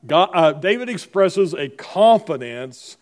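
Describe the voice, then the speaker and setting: A man's voice: high-pitched, animated, takes it slowly, a little mellow. A middle-aged man preaching a sermon as pastor, in a conversational style full of rhetorical questions to the congregation.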